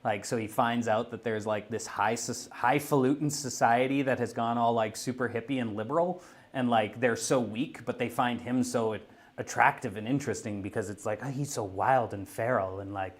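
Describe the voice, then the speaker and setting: A man's voice: mid-range voice, normal speed. A man chatting casually on a painting livestream, rambling through a story with lots of "like". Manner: rambling storyteller, heavy use of "like". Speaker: guest painter. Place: gaming store.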